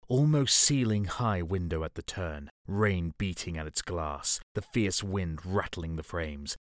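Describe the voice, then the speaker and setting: A man narrating audiobooks in an expressive, dramatic way. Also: low voice, no echo, studio quality. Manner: expressive, dramatic, shifts voice for characters.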